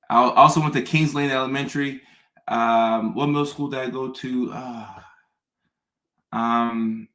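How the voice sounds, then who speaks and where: In an echoey room, a man from the American South hosts a casual chat, telling stories and often restarting and repeating words. His voice is mid-range with a sharp tone.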